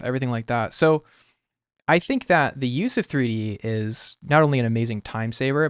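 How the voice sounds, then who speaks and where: A man's voice: mid-range voice, clear, resonant tone, no room sound, clean studio sound. A young man talking casually on a livestream while he sketches, rambling with lots of "like" and restarts. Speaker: artist streaming.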